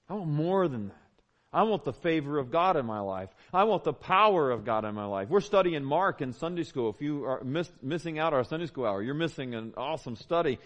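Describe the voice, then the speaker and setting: A man's voice: a little high, expressive, brisk. A man, preaching a sermon as a pastor, conversational and emphatic with repeated phrases. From Southern United States. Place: church.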